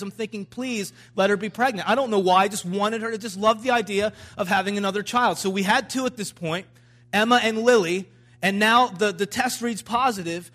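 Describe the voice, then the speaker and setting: A man in his thirties preaching, telling a personal story with frequent restarts and rising, animated emphasis. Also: sits high. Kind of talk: sermon storytelling.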